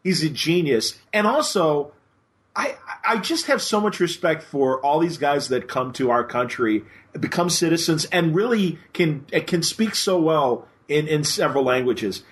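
A man hosting a casual podcast chat, rambling and animated, acting out the voices he quotes. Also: fairly high pitch, measured pace. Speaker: podcast host.

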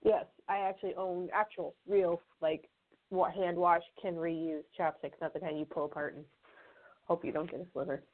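A woman's voice: fairly low pitch, fairly even intonation, normal speed. A woman co-hosting a radio show, chatting casually with dry teasing quips. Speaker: radio co-host. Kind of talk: casual talk radio banter. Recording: phone-line internet radio.

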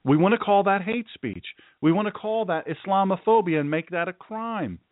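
A pastor hosting his own show preaches in a forceful, emphatic way, repeating key phrases for effect. His voice sits a bit higher than most men's. It comes across dry and tinny, like a phone call, with no room sound. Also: lively intonation, normal speed, no echo.

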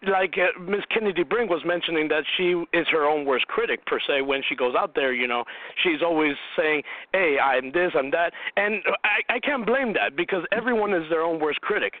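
A man's voice: on the high side, a little fast, dry recording. A man hosting a radio show, asking loose, chatty interview questions with plenty of fillers. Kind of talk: casual interview. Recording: dry, phone-like sound.

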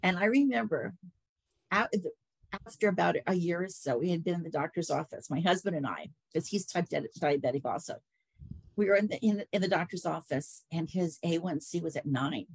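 Low, husky woman telling her story. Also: brisk, no echo, low-quality recording. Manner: chatty, animated when quoting others. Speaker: guest. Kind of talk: casual interview storytelling.

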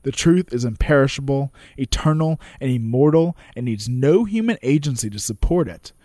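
A man reading out an impassioned courtroom speech as a male orator, with measured, dramatic pauses. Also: medium pitch, animated, dark tone, dry recording, clean studio sound, close to an everyday voice.

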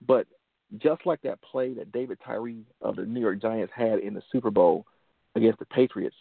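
A gravelly-voiced man from Detroit tells a personal story in an earnest, motivational way, circling back on key phrases. The sound is dry and narrow, like a phone line, with no room around him. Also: lowish voice, normal speed, dry recording. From Detroit, USA. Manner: earnest, repeats phrases for emphasis. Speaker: motivational show host.

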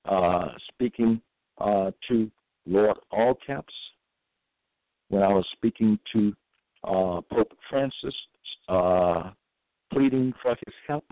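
A man giving a scripture-reading monologue as a religious podcaster, reading verses slowly and solemnly and pausing often with fillers. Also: on the low side, no room sound. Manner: halting, with many pauses and fillers. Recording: dry, tinny phone-like audio.

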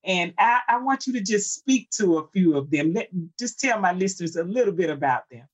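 Woman host with lowish voice. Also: expressive, fairly quick. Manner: brief, encouraging prompts. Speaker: podcast host. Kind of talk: interviewing a guest.

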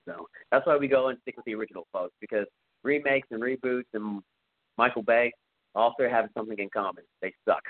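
A man's voice: mid-range voice, a little fast. Man, podcast co-host, casual movie recap, jokey, phone-like thin sound. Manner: chatty, jokey, acts out bits of scenes.

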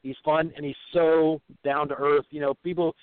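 A man speaking as a guest in a casual phone interview, halting and repeating words, teasing and laughing often. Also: on the high side, little pitch movement, slight background noise. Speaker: guest, conference organizer. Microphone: telephone. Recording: tinny dry phone line.

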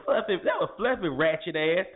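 Animated joking man on a phone line. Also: high voice, a little fast, a crowd in the background. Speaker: radio show co-host. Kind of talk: casual banter. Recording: tinny phone line with faint noise.

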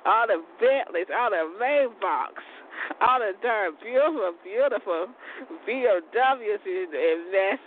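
A woman's voice: medium pitch, lively intonation, unhurried. A woman hosting an internet radio show, rambling casually and profanely with frequent laughter, outdoors on a balcony. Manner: chatty, profane, laughs often. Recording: tinny phone line, faint outdoor noise.

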